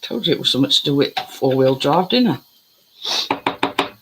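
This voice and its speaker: A man's voice: mid-range voice, lively intonation, moderate pace, background noise. A man chatting in a rambling, easily distracted way as he bakes in his home kitchen. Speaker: home baking vlogger. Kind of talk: casual chat while baking.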